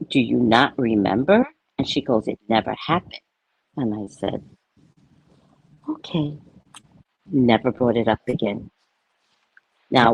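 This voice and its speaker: A woman's voice: rumbling low, husky, no room sound, highs cut off. A woman in her fifties, a spiritual talk host, giving a blunt, candid monologue full of personal stories and frank language. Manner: blunt, animated storytelling with frank swearing.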